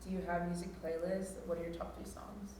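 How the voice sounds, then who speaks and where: A woman's voice: on the low side, little pitch movement, fairly quick, mellow, recorded from a distance. A teenage girl interviewing a classmate for the school yearbook, chatty and reading set questions. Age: teens. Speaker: student interviewer. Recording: echoey room with faint noise.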